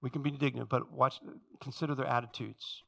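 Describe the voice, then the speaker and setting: A middle-aged male pastor preaches a sermon in a gravelly voice with a steady tone and fairly quick pace, swinging from quiet, low passages to loud, high-pitched exhortation. He calls out to the congregation for responses.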